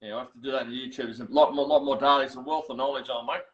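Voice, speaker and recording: An Australian man hosting a casual online catch-up, telling stories with quick laughs and lots of restarts. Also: medium pitch, fairly even intonation. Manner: chatty storyteller, quick and laughing, many restarts. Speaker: host. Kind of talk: casual chat. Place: home workshop. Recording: lo-fi video call audio.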